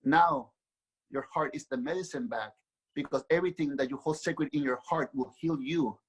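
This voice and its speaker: A man voicing a gentle divine mother who pleads urgently and then teaches solemnly. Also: rumbling low, normal speed, husky, poor audio.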